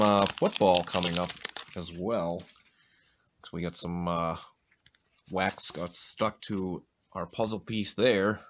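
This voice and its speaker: A deep-voiced man with a light New England accent rattles off player names between chatty asides as he opens card packs. His throat is a little sore, and he keeps clearing it. Wrappers rustle faintly in the background. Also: slow, noisy background. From Maine, USA. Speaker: card-opening channel host. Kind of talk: casual pack-opening commentary.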